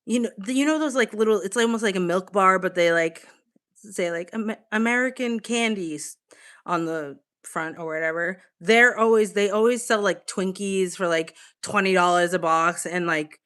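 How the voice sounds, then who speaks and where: A woman's voice: mid-range voice, moderate pace, fairly bright tone, smooth. A young woman with a Boston accent, chatting casually on a live stream, swearing freely and answering her chat. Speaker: livestream host. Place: home, on a couch with a blanket.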